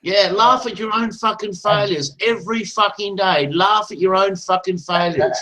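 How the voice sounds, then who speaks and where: A man's voice: high voice, fairly even intonation, moderate pace, bright, forceful tone, low-quality recording. A man in a heated online voice chat, taunting aggressively and swearing constantly. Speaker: voice chat participant.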